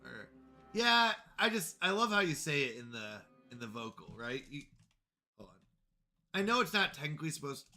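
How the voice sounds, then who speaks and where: A man's voice: fairly high pitch, big pitch swings, normal speed, bright, forceful tone, soft background music. A man streaming a game, chatting in a friendly, casual way with his viewers. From Canada. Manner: chatty, friendly, talks to chat. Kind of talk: casual chat while playing a game.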